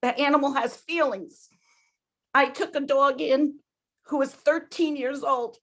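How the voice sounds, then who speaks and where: A woman's voice: high-pitched, steady tone, measured pace, pauses often, a bit bright. A woman giving emotional public testimony at a hearing, upset and pleading, apologizing as she goes.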